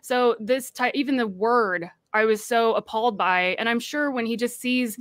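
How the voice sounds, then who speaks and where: A woman tells her own story with earnest feeling and briefly acts out the people she quotes. Her voice sits fairly high. The sound is close and dry, with no room echo. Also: moderate pace, a bit bright. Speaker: guest. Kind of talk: recounting a personal story on a livestream panel.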